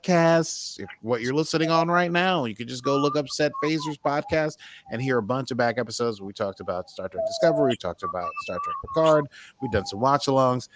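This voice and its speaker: A man's voice: medium pitch, brisk, slight background noise. An American man co-hosting a podcast, chatting casually and playfully, joking around. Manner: playful, jokey, drifts into put-on accents. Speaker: podcast co-host. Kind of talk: casual chat.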